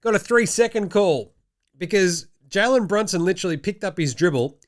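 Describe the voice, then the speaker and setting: A young man with an Australian accent runs through the day's basketball in a loose, irreverent commentary style. He jokes and swears freely. His voice sits a touch high for a man. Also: animated, normal speed. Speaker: basketball show host. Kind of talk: casual sports commentary.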